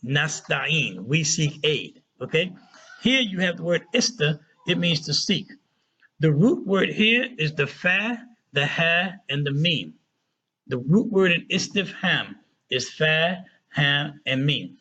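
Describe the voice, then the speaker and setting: A man teaching a casual Arabic lesson who often checks in with "right?" and "okay?" and slows down to spell out words. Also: fairly high pitch, expressive, pushed and bright, slightly rough, highs cut off.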